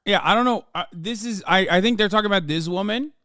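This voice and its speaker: A man in his thirties hosts a live stream, reacting to a video and ranting at his chat in heated, profane outbursts while speaking directly to them. His high voice moves quickly with a sharp tone, and the studio recording is clean with no echo.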